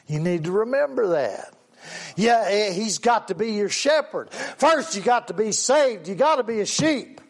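Male preacher, unhurried, drawn-out delivery, amens throughout. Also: high voice, animated. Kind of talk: sermon.

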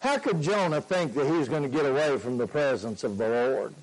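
A man preaching a sermon, slow and emphatic, repeating his points. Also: mid-range voice, animated, rough recording.

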